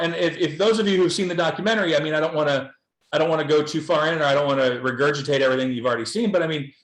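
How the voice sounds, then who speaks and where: A filmmaker from Los Angeles, a man, speaking bluntly and earnestly in a candid panel discussion, often repeating words as he goes. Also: on the high side. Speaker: documentary filmmaker guest. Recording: roomy echo.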